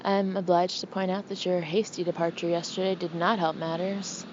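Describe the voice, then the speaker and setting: Older male senior lawyer, gruff, formal, measured, jolly underneath, voiced by a woman, dull lo-fi audiobook recording. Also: fairly low pitch, flat delivery, noisy background, natural voice. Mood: understated.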